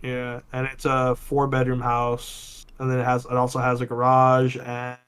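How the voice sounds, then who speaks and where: A man's voice: mid-range voice, monotone, moderate pace, a bit bright, smooth. A man from Texas co-hosting a podcast, chatting casually, swearing often and laughing a lot. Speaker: podcast co-host. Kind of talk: casual chat.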